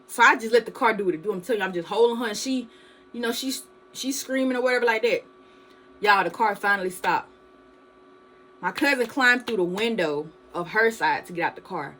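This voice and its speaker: A woman's voice: medium pitch, a little fast, pushed and bright, slight background noise, rough recording. A young woman vlogger, animatedly telling a story to her viewers and calling them "y'all". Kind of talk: storytime vlog.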